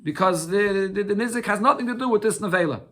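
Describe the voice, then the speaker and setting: A man's voice: high voice, fast, a bit bright. A man teaching a daily Talmud lesson, reading short Aramaic phrases and explaining them step by step, often repeating words and asking and answering his own questions.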